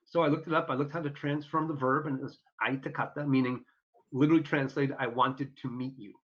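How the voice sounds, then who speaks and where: A man's voice: medium pitch, steady tone, fairly quick, breathy edge. A man guesting on an interview show, telling stories in an earnest, upbeat way and acting out the people he quotes. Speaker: podcast guest. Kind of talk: casual storytelling interview. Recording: dull lo-fi audio.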